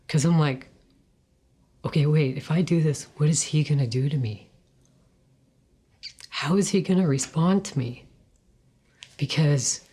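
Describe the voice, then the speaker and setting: A woman with a low, deep-set voice recounts her faith testimony at a slow, deliberate pace. She talks softly and earnestly, often sinking to a breathy whisper. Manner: soft and earnest, drops to hushed whispers. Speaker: guest sharing a testimony.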